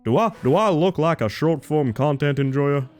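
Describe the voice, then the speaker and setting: An Australian man putting on an American accent to voice a gruff, exasperated man who sells propane. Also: a little high, lively intonation, normal speed, a little mellow, faint music behind, lightly acted. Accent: American put on. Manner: exasperated rhetorical questions.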